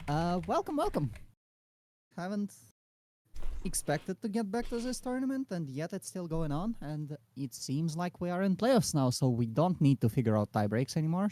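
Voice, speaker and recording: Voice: medium pitch, a little mellow. A co-caster in casual commentary who makes playful, joking asides.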